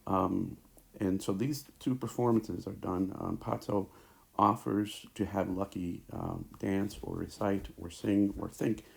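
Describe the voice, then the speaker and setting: A man teaching a recorded lecture over slides, talking haltingly with many fillers and restarts, into a tablet mic. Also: sits low, fairly even intonation, gravelly.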